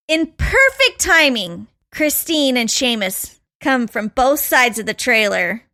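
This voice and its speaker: A woman co-hosting a podcast, telling a story in a casual, animated way, laughing often and acting out quotes. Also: a little high, a little slow, hardly any pauses. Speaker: podcast co-host.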